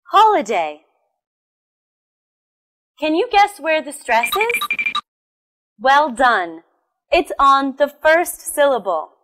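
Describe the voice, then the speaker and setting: A young woman teaching English pronunciation, speaking slowly and carefully as in a classroom. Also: high voice. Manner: slow, careful classroom enunciation. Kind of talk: recorded pronunciation lesson. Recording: soft music behind.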